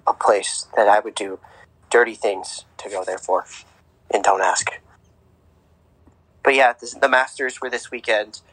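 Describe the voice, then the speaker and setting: A man voicing a hushed golf announcer in a whispered role-play. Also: lowish voice, normal speed, poor audio. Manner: soft, hushed and solemn.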